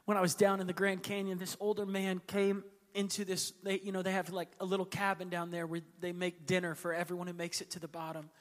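A man preaching a sermon as a pastor, passionate and building to emphatic peaks, then dropping to a hush. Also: sits high, completely flat delivery, fast, few pauses. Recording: long reverb of a large hall.

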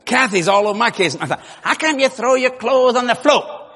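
A man preaching a sermon with jokes, swinging from low murmurs to loud shouts. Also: lively intonation, brisk. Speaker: pastor. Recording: long hall reverb, faint ambience.

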